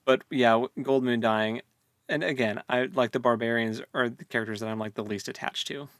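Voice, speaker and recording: A man's voice: medium pitch, steady tone, fairly quick, a bit bright, no room sound, studio quality. A man co-hosting a podcast, chatting casually and rambling about a book, laughing often. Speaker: podcast co-host.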